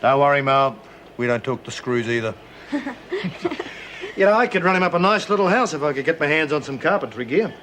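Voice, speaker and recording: A man's voice: a little high, lively intonation, a little fast, long pauses, a bit bright, a little hiss or hum. An actor playing a cocky, easygoing male newcomer to the prison with an Australian accent, friendly and laconic. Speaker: new inmate.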